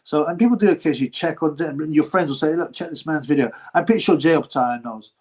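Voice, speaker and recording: A man's voice: fairly high pitch, fast talker, a little mellow, husky. A man hosting a casual boxing livestream, rambling, slangy and mocking, often laughing as he talks. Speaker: boxing channel host.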